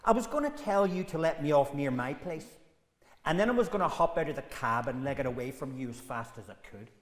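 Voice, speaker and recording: A man's voice: on the high side, lively intonation, a little fast, lightly acted. Irish guy doing a sarcastic broke irishman, echoey theatre hall. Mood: wry. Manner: wry, sarcastic. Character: down-and-out Irish man, cheeky and quick-witted. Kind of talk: stage play reading.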